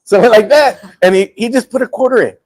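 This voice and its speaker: A man's voice: extremely high pitch, fast, poor audio. A middle-aged man hosting a casual talk show, telling a story and acting out the quotes with laughs. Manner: animated, acts out quotes with laughs. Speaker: host.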